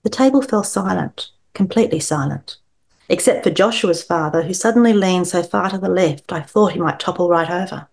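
A woman author reads her novel aloud with expressive shaping, then chats in a relaxed way. Her voice sits fairly low, and her talk is full of quick restarts. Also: gravelly. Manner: expressive reader, chatty with restarts. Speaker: novelist guest. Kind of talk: reading aloud and interview chat.

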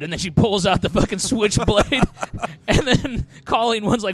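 A man's voice: sits high, normal speed, dry recording. A man on a podcast casually recapping a movie, rambling with lots of fillers and frequent laughter. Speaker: podcast co-host.

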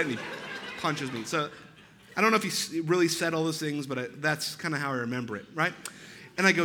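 A man's voice: a little high, animated, a little fast, bright, forceful tone, a little hiss or hum. A male pastor telling a story in a sermon, chatty and self-deprecating, with frequent "right?" asides.

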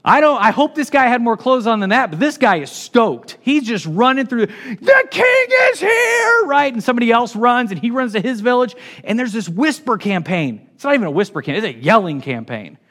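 A man preaching a sermon as pastor, animated and swinging from hushed lines to shouts. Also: very high-pitched, fairly quick, hardly any pauses.

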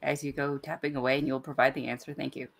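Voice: mid-range voice, level tone, fast, gravelly, fairly bright tone. A podcast co-host in casual chat, speaking hesitantly and trailing off while explaining myths.

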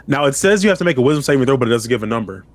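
A man's voice: medium pitch, expressive, racing, no room sound. A man playing a tabletop game, hesitant and full of rule questions. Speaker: player. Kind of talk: casual chat.

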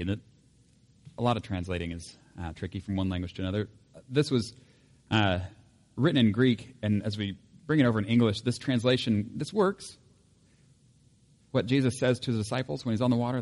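A man's voice: fairly low pitch, a little mellow. A man preaching a sermon in a conversational way, with light humor and frequent self-corrections. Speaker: pastor.

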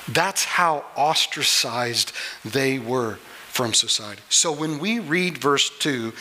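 A man preaching a sermon, earnest and unhurried, with small restarts as he explains a Bible passage. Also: medium pitch, lively intonation, bright, forceful tone, a little hiss or hum, low-quality recording. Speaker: pastor.

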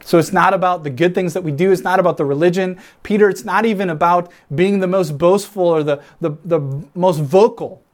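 An earnest man preaches a sermon with a voice pitched a little higher than most. He talks reflectively, picturing himself inside the scene he describes. He builds emphasis by repeating phrases again and again. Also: fairly quick, few pauses. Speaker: pastor.

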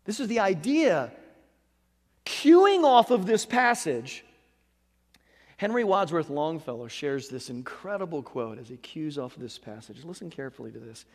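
Animated male preacher in an echoey hall. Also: on the high side, unhurried. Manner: animated preaching, shifting from loud to hushed. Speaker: pastor. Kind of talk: sermon.

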